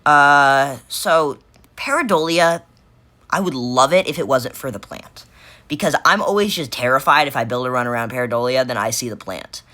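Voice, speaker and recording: A woman's voice: very deep voice, lively intonation, moderate pace, pushed and bright. A woman giving casual unscripted commentary while ranking game cards, rambling and correcting herself with lots of fillers.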